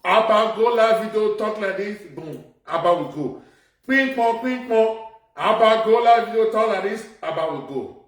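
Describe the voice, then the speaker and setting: A man with a Nigerian Pidgin accent rants in a loud, animated commentary with a high-pitched voice. He sits back from the mic in an echoey room, so his voice bounces around him. He repeats phrases as he drives his points home. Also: normal speed, far from the mic. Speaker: social media commentator. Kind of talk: ranting live video commentary.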